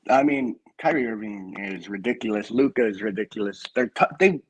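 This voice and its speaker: A man's voice: fairly low pitch, fairly quick, a little hiss or hum, rough recording. A man co-hosting a sports podcast in casual chat, blunt and opinionated. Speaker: podcast co-host.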